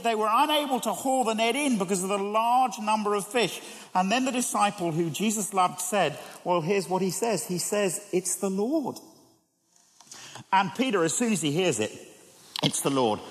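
A man preaching with a fairly high, lively voice, turning often to the listeners with questions. His words ring out with a long reverb, as in a large hall or church. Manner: animated, conversational preaching with rhetorical questions. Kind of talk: sermon.

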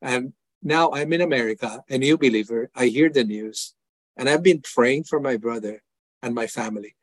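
An older man from Iran, a ministry founder appearing as an interview guest, shares his personal testimony earnestly and emphatically. His mid-range voice moves at a normal pace on a dry recording, rising as he acts out his prayers and replies.

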